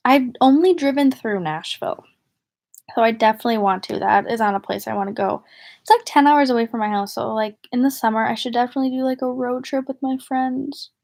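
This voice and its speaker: A woman's voice: a little high, brisk, vocal fry, a little mellow. A young woman from the northern United States chatting casually to viewers on a livestream, rambling and giggly. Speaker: vlogger.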